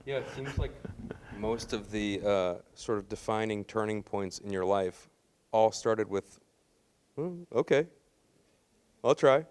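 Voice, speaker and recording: Soft-spoken male interviewer. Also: fairly low pitch, fairly even intonation, measured pace, smooth. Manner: brief prompts and backchannels.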